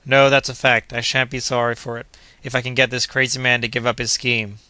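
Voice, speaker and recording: A man voicing a skeptical, stubborn gentleman hunter who refuses bluntly and doubts everything in an audiobook. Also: medium pitch, flat delivery, brisk, smooth, no echo, natural voice.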